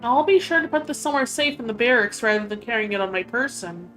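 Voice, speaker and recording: A woman's voice: a little high, expressive, quick pace, fairly bright tone, faint music behind. Woman reading as a flustered hot-tempered knight. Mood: grateful. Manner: reads quest dialogue aloud with lifted emphatic delivery.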